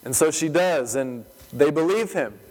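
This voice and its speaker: A man delivers a sermon in a fairly high voice, telling the scripture as a vivid story. He keeps asking rhetorical questions of his listeners. His words trail off into the long reverb of a large hall. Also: animated, measured pace, darkish tone. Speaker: pastor.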